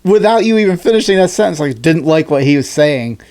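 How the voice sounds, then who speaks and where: Animated podcast guy, lively pitch. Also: brisk. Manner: animated, swearing, acts out high-pitched shrieking quotes. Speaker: podcast co-host. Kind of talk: casual chat.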